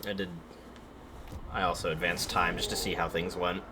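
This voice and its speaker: A man's voice: deep voice, level tone, normal speed, background noise. A man casually commenting while he plays a video game on a stream, wry and sardonic, swearing freely.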